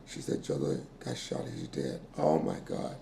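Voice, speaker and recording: A man in his sixties being interviewed, telling a painful family story with quoted dialogue and halting repeats. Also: a bass voice, sing-song, vocal fry, dark tone. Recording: echoey room with faint noise.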